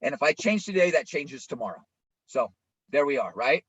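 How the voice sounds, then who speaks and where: A man's voice: medium pitch, very animated, normal speed, a bit bright, husky, no echo. A male pastor preaching an informal, conversational sermon, often checking in with listeners by asking "right?". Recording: dull lo-fi, dry sound.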